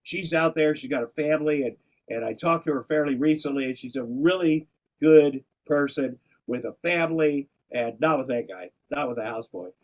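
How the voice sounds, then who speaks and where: A man's voice: a little high, normal speed, dull audio. Rambling man hosting a podcast. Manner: rambling, self-interrupting storyteller, swears casually. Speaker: podcast host. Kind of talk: casual chat.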